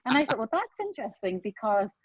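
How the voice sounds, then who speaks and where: A woman talking as a medical guest on a podcast, emphatic and animated as she explains. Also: on the high side, fairly quick, no room sound. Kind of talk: casual podcast chat. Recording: dull dry podcast audio.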